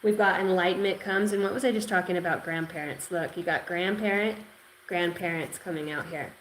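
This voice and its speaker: A woman giving an intuitive tarot reading, rambling and excitable, repeating words and swearing now and then. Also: lowish voice, brisk, a little hiss or hum, poor audio. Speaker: tarot reader.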